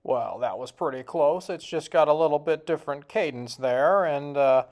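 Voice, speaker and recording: A man's voice: a little high, moderate pace, darkish tone. Folksy male vlogger, jokey, casual, sounding out words himself. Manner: joking, folksy, tries out foreign words. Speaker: video host. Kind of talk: casual vlog commentary.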